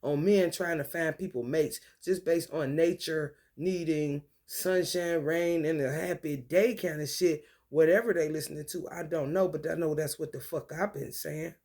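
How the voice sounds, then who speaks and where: A woman talking in a rambling, casual monologue, profane and free-associating, with an animated delivery. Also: low-pitched, normal speed, hardly any pauses.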